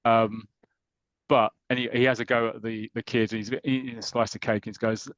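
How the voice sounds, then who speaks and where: A man's voice: medium pitch, flat delivery, fairly quick, fairly bright tone, no echo, dull audio. A British man co-hosting a podcast, casually recapping a comic in a rambling way with many restarts. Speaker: podcast co-host.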